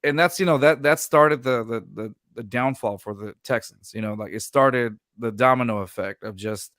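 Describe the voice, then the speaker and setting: A man's voice: medium pitch, normal speed, a bit bright, no room sound, clean studio sound. A man hosting a casual sports podcast, rambling and restarting sentences, laughing often. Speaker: podcast host.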